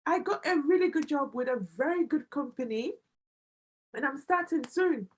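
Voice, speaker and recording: A woman in her thirties, a business analyst and immigration adviser, talking excitedly as a guest on a livestream and often repeating herself for emphasis. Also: high voice, moderate pace, rough recording.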